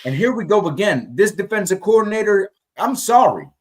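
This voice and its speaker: A man's voice: high-pitched, animated, a little fast. A man co-hosting a casual sports talk podcast, ranting heatedly and repeating himself with many restarts. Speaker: podcast co-host.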